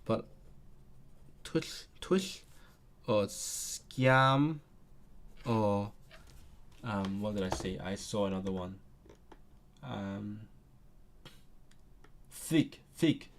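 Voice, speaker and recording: Brief: man streaming his language study, slow and halting, thinking aloud. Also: fairly low pitch, a little hiss or hum. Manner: thinking aloud, hesitant, many pauses. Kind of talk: livestream self-study.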